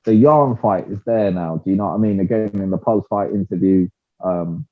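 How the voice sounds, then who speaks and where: A man co-hosting a casual fight-talk podcast, talking in a slangy, animated way and often saying "bruv". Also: low voice, normal speed. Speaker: podcast co-host. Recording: muffled phone-like audio.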